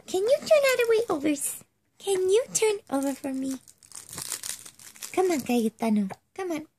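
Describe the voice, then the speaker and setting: High sing-song cooing mother. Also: sing-song, normal speed, darkish tone, slight background noise. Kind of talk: baby talk to an infant.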